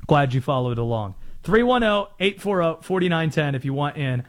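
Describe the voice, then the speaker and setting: A man's voice: fairly high pitch, expressive, normal speed. A man from North Carolina hosting sports talk radio, chatty and self-aware as he explains his on-air bits.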